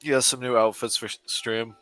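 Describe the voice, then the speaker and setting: Laid-back, teasing man with a bright, dry voice. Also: medium pitch, little pitch movement, moderate pace, no room sound. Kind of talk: casual stream chat.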